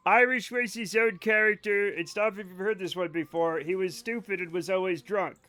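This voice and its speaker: Brief: male game streamer with a high voice, chatting to viewers, loose, profane and rambling. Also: fairly even intonation, moderate pace, pushed and bright. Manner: rambling, profane, joking asides to chat. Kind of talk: casual live-stream chat with viewers.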